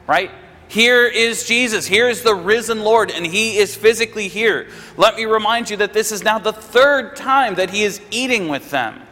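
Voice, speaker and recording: Bright-voiced preacher in a reverberant hall. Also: male voice, high-pitched. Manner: conversational, asks listeners "right?". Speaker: pastor. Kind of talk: sermon.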